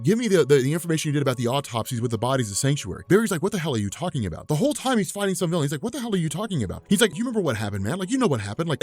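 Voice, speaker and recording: A man casually recapping a comic storyline, talking fast with lots of fillers and quickly acting out lines of dialogue. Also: on the high side, dry recording. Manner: fast, animated, with many fillers and quick voiced quotes. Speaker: comics explainer host.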